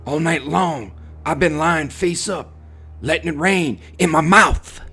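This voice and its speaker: A man voicing a desperate shipwrecked sailor with a cracked, rasping voice and rough working-class speech, half-mad with thirst. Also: on the high side, a little slow, bright, forceful tone, soft background music, pitched above the performer's own voice, exaggerated voice. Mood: frantic.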